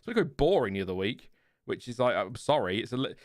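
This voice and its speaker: A man with a Lincolnshire accent talks at an easy middle pitch, his calm, fairly flat voice smooth and clean. He rambles, trails off and laughs as he reads comments to his viewers. The sound is close and dry, with no room around it. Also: fast talker, dry recording. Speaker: livestream host. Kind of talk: casual chat reading live comments.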